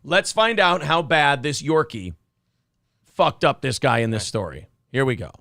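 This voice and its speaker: Male comedy co-host, gravelly and slightly high, dry close sound, sarcastic riffing. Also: measured pace, no echo. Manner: sarcastic, mocking, animated. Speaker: podcast co-host. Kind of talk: comedic news banter.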